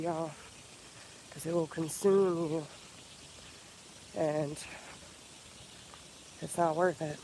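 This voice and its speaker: A man giving an earnest, profane motivational talk in a casual vlog, slowing down and repeating himself for emphasis. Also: a little high, darkish tone, slight background noise, low-quality recording. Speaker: spiritual healer vlogger.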